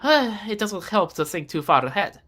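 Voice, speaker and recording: A woman voicing a humble, low-ranking minion who talks about himself with wistful self-deprecation, reading game dialogue aloud. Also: sing-song, unhurried, bright, forceful tone, heavily acted.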